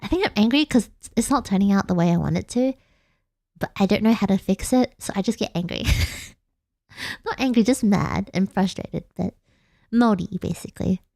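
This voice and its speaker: A woman's voice: medium pitch, normal speed, creaky, darkish tone, dry recording, clean studio sound. A young woman from Australia, a vtuber chatting playfully late at night, giggling and rambling. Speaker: vtuber streamer. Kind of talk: casual late-night chat.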